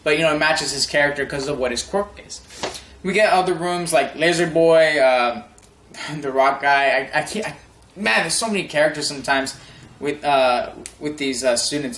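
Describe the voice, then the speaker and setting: A young man chats loosely about a comic chapter, his voice sitting a little high. He rambles with lots of fillers and laughs. The room around him rings with echo. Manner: excited and rambling, laughs often, many fillers and restarts. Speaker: manga review vlogger. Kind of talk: casual spoken review.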